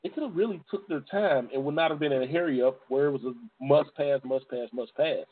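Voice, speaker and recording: A male co-host chats about football in a loose, informal way and laughs easily. His voice sits a bit higher than most men's. The audio is thin and tinny, like a phone call. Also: a little fast. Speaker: podcast co-host. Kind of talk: casual sports talk.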